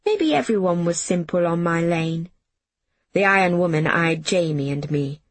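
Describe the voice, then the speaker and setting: A woman reading a first-person story aloud in a measured storybook narration. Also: fairly low pitch, expressive, no echo. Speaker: audiobook narrator.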